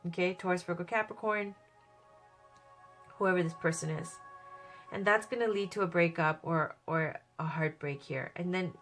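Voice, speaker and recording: A woman with a cold and a hoarse voice, giving a chatty, upbeat tarot reading. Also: medium pitch, a bit bright. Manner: chatty, upbeat, thinks aloud. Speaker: tarot reader.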